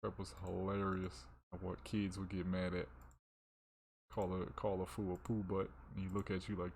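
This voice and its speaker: A man's voice: sits low, level tone, moderate pace, slight background noise. A young man chatting casually and telling stories while making beats, slangy and laid-back, laughing often. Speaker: beatmaker streamer. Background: beat playing.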